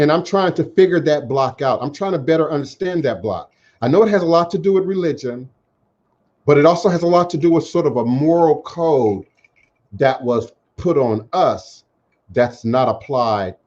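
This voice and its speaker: A man talks to his radio audience in a measured, emphatic monologue. He stacks lists and repeats phrases for weight. The audio is muffled and lo-fi, like internet talk radio. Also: medium pitch, a little mellow. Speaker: radio show host.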